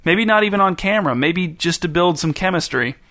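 A man's voice: high-pitched, animated, brisk, sharp tone, voice pushed up. A man voicing an earnest, slightly hurt young woman on an awkward date, in a storybook reading. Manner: earnest, hurt, a bit defensive.

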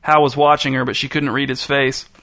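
A man reading a story aloud in a measured, deadpan narration. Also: mid-range voice, no echo, studio quality. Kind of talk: scripted narration.

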